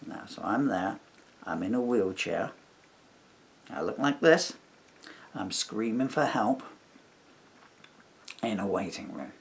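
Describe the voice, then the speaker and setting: Animated yet slow, this vlogger has a gravelly voice on the low side and pauses often. He delivers a long, rambling, indignant complaint, performing the lines others said to him.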